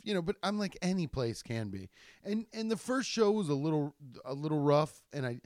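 A man's voice: on the high side, expressive, fairly quick, no echo, clean studio sound. A man, a stand-up comedian, telling rambling, profane stories in a casual chat with many restarts. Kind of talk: casual storytelling podcast.

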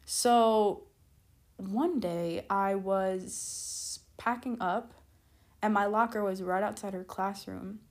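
A woman's voice: medium pitch, fairly even intonation, slow, darkish tone. A woman telling a storytime vlog in a casual, rambling way, full of "like" and "keep in mind" asides, stopping to backtrack when she loses her thread. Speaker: storytime vlogger.

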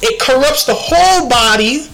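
A woman hosting a faith podcast, speaking earnestly and reflectively, quoting scripture and pausing to think aloud. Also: high-pitched, lively intonation, gravelly, a bit bright, faint music behind, rough recording. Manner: earnest and reflective, quotes scripture, slow deliberate delivery. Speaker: podcast host.

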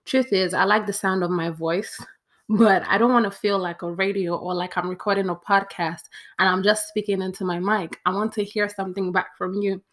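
A woman's voice: medium pitch, steady tone, normal speed. A young woman, chatting playfully to camera as she counts off a list. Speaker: vlogger. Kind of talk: casual talk to camera.

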